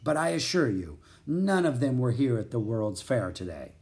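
Wise old storybook wizard, deep and measured, read by a man. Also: big pitch swings, darkish tone. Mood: gentle, wise. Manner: slow, measured, kindly teaching.

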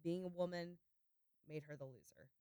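A woman co-hosting a podcast, trading quick jokes in casual chat and wrapping up the episode. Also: lowish voice, steady tone, dark tone, clear, resonant tone, no room sound, studio quality. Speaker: podcast co-host.

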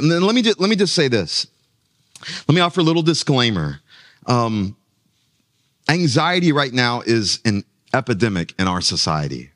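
A man's voice: fairly high pitch, very animated, moderate pace, fairly bright tone. A male pastor preaching a sermon, often repeating words as he builds toward a point. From United States.

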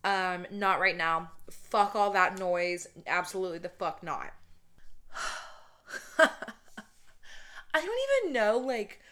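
A woman in her twenties with a somewhat deep voice for a woman, hosting a casual podcast. She rants bluntly and swears freely. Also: bright, forceful tone. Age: 20s. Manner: profane, blunt, ranting. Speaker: podcast host.

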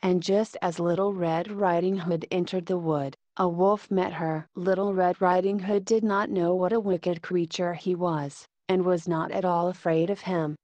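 A woman narrating a classic fairy tale in a measured, even manner. Her voice sits on the low side, recorded close to the mic with a dry, roomless sound. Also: no room sound.

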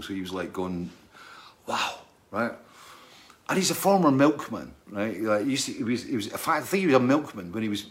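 A man's voice: fairly low pitch, fairly bright tone. A man who is a touring musician, telling a casual, rambling anecdote, keeps checking in with "right?" and laughing.

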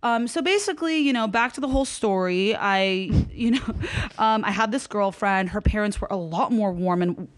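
A woman's voice: medium pitch, normal speed, hardly any pauses. A woman telling personal stories in a casual chat and acting out the lines of the people in them. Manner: animated, acts out quoted dialogue.

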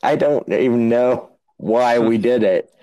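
A man's voice: medium pitch, unhurried, dark tone, dry recording. A man from New Hampshire co-hosting a podcast in casual chat. He rambles, laughs often and swears freely. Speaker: podcast co-host.

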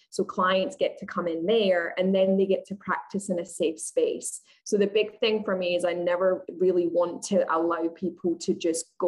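A woman's voice: lowish voice, poor audio. A woman with a Scottish accent, a communication coach speaking as an interview guest in a direct, blunt way. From Scotland. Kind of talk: interview answers.

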